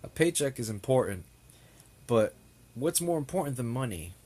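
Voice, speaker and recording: This young man's medium-pitched voice is a little mellow and sing-song, moving at normal speed. As a vlogger, he rants at the camera, annoyed and exasperated, rambling and going back over the same points.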